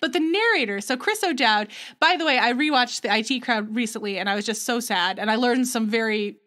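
Chatty higher-voiced woman co-host. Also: lively intonation, pushed and bright. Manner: chatty, restarts often, slips into quick character voices. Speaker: podcast co-host. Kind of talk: casual chat.

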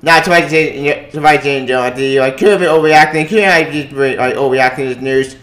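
A gaming vlogger rants angrily and profanely on his own channel, repeating himself and tripping over his words in an agitated, halting way. His mid-range voice is a bit bright, and the room sounds echoey.

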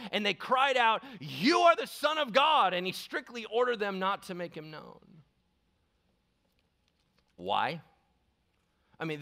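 Animated joking male pastor. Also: fairly high pitch. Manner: animated and joking, acting out characters. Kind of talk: sermon. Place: church sanctuary.

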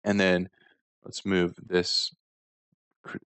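Calm, fairly low-voiced male music instructor. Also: slow, clean tone, no echo. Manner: calm step-by-step walkthrough. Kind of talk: screen-recorded software tutorial.

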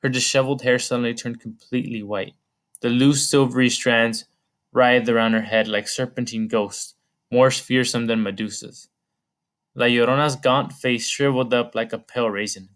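A man narrating an audiobook chapter in a measured storytelling manner. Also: medium pitch, fairly bright tone. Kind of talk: scripted narration.

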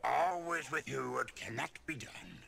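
An actor playing an ancient, tiny male creature master, patient and stern, with a gravelly, creaky voice who speaks with inverted word order in a film clip. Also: mid-range voice, a little slow, pushed and bright, exaggerated voice. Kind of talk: film clip played on a stream.

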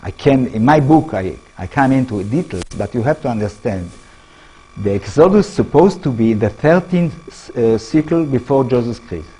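A very husky man in his sixties, raised in Israel, gives a university lecture in English. His pitch leaps and falls with emphasis as he presses each point. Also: normal speed, soft background music, rough recording. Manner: non-native English, animated and emphatic. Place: lecture hall.

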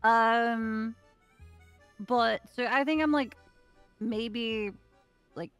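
A woman's voice: fairly high pitch, extremely slow, a bit bright, smooth, faint music behind. A woman with a mild Liverpool accent, a guest chatting casually with lots of restarts and casual swearing. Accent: mild Liverpool English. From Liverpool, England. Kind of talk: casual chat.

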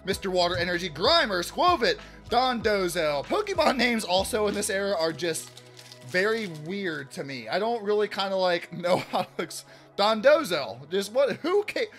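A man hosting a casual card-opening vlog, chatty and upbeat, shouting out big pulls and often restarting his sentences. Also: high voice, expressive, normal speed, soft background music. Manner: chatty, hypes big pulls loudly, self-correcting restarts. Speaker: card-opening channel host.

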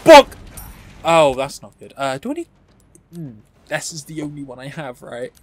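A man streaming a horror game, reacting loudly, swearing at enemies and chatting to viewers between laughs. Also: a little high, normal speed, dry recording. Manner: excitable, yelling and swearing at the game. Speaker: gaming channel host. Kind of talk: let's play commentary.

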